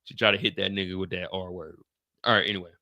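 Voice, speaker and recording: A man in his late thirties hosting a livestream, telling a story in a casual, animated and profane way and talking straight to his chat. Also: sits low, fast, gravelly, highs cut off. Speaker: livestream host.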